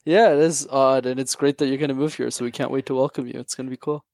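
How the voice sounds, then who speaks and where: Gravelly-voiced man with a light Quebec accent. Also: mid-range voice, fairly even intonation, darkish tone, no room sound. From Canada, Montreal. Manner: friendly, quick, with laughs and restarts. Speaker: guest, YouTube channel host. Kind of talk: casual interview chat.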